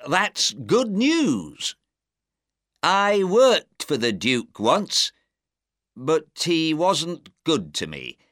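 A man voicing a gruff, wary male innkeeper in a storybook reading, blustering and defensive. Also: on the high side, fairly bright tone, dry recording, studio quality, voice pushed up, heavily acted.

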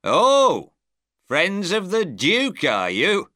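A man voicing a gruff, wary male innkeeper in a storybook reading, blustering and defensive. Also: sits high, huge pitch swings, drawn-out words, bright, forceful tone, no echo, clean studio sound, pitched above the performer's own voice, heavily acted.

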